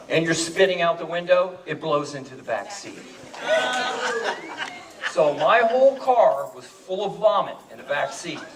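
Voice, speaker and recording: Man, party speech, excited storyteller, slightly high, roomy distant sound. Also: a little hiss or hum. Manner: animated, repeats words, laughs while telling. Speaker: party speaker telling a story about friends. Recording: echoey room from far off.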